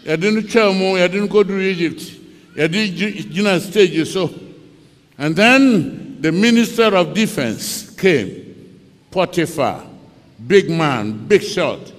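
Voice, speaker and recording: A man's voice: high-pitched, slow pace, in a large hall. A man with a Ghanaian accent preaching a sermon as pastor, telling the story dramatically and acting out its scenes.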